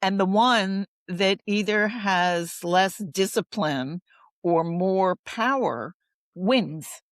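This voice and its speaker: A woman's voice: mid-range voice, drawn-out words, no room sound. A woman guest in a conversational interview, talking earnestly and thoughtfully and expanding her points with personal stories.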